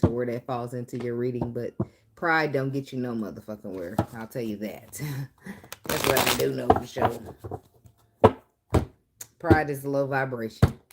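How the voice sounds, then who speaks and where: A woman's voice: very deep voice, very noisy. A woman giving a casual tarot reading, talking bluntly with profane, chatty asides. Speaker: tarot reader.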